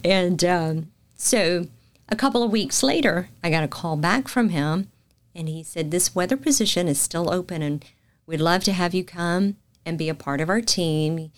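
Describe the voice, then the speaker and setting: A woman's voice: fairly low pitch, moderate pace. A middle-aged woman with a Southern accent, a news anchor telling her career story as a guest in a casual interview, acting out the lines she quotes. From Macon, Georgia.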